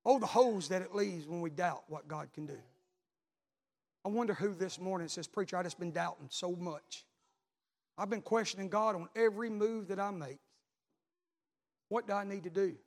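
A man, a pastor preaching a sermon, telling a story and then building to loud repeated calls. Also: sits high, normal speed, long pauses.

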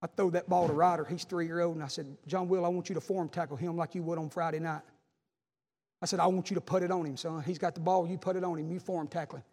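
A man preaching a sermon as pastor, building to shouted emphasis. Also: sits high, in a large hall. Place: church hall.

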